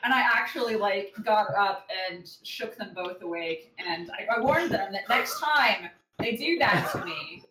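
A woman co-hosting a podcast in casual chat, giggly and excitable. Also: mid-range voice, a little slow, few pauses, background noise. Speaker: podcast co-host. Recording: echoey room.

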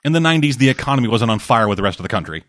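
A man's voice: medium pitch, expressive, very fast, dry recording, clean studio sound. A man chatting casually about movies and shows, rambling and swearing, with lots of restarts. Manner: rambling, profane, acts out quotes loudly.

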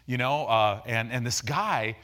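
A man in his sixties preaching a sermon, animated and emphatic, telling stories in a conversational way. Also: mid-range voice, measured pace.

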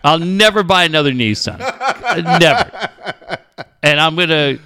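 A man's voice: on the high side, animated, a little slow, sharp tone, clean tone, no room sound, clean studio sound. A man from the San Diego area in casual chat, ranting with profane mock anger.

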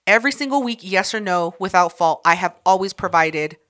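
A woman's voice: fairly low pitch, expressive, a little fast, a bit bright. A young woman hosting a podcast, chatting casually in a blunt, profane, teasing way. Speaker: podcast host. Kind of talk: casual chat.

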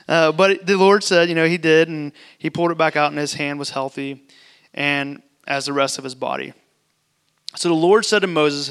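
A man preaching a casual sermon, reading scripture aloud and adding relaxed, joking asides. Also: a little high, normal speed, clean tone. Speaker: pastor.

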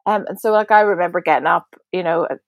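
Chatty Northern Irish woman, lowish voice. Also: quick pace, no room sound. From Northern Ireland. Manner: warm, chatty, many fillers and restarts. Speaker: guest, prayer ministry leader. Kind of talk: reflective podcast interview.

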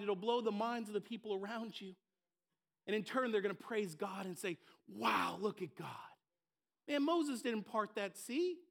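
High-voiced man preaching with passion. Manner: impassioned, swinging between loud emphasis and hushed asides. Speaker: pastor. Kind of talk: sermon. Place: church stage before a congregation.

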